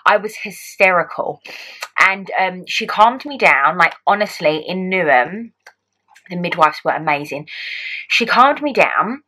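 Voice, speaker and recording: A young woman casually telling a personal story to her vlog audience, in an animated way with many "like"s. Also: lowish voice, normal speed, poor audio. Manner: animated, heavy use of "like" as filler. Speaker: vlogger.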